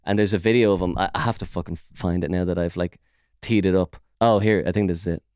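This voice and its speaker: A man's voice: low voice, steady tone, fast talker, a little mellow, a little hiss or hum. A man with an Irish accent hosting a casual podcast chat, sweary and mocking as he rambles. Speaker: podcast host.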